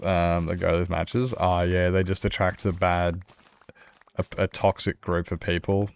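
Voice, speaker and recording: A man's voice: deep voice, level tone, moderate pace. A man with an Australian accent chatting casually with viewers while playing a game, rambling, often laughing and restarting his sentences. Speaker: streamer.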